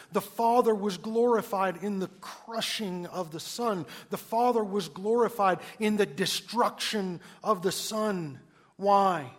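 Emphatic preaching man, fairly high voice. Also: slow pace. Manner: emphatic preaching with rhetorical questions, swinging from loud to hushed. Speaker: pastor. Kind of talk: sermon.

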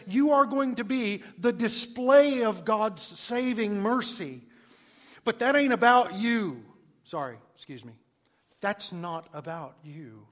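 A man preaching a sermon, emphatic, moving between hushed and loud passages. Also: high voice. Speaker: pastor. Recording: long hall reverb.

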